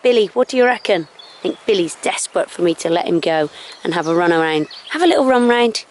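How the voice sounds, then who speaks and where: A woman telling a story to schoolchildren outdoors at sunrise. She speaks in an animated way and drops to hushed tones at dramatic moments, recorded on a handheld phone. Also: on the low side, fast talker, slight background noise. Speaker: school assembly presenter. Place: outdoors on a hill at sunrise with a dog. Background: birdsong.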